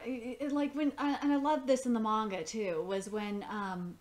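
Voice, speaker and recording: A woman's voice: fairly high pitch, steady tone, moderate pace, few pauses, noisy background. Woman rambling thru an anime reaction stream, super into it, lots of ums. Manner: rambling, enthusiastic, many fillers and restarts. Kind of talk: live reaction commentary.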